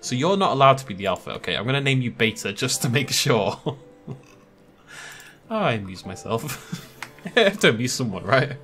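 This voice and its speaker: Brief: young gaming commentator, animated delivery, bright and forceful, chatty and self-amused. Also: male voice, mid-range voice, moderate pace, soft background music. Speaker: gaming YouTuber. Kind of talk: casual gameplay commentary.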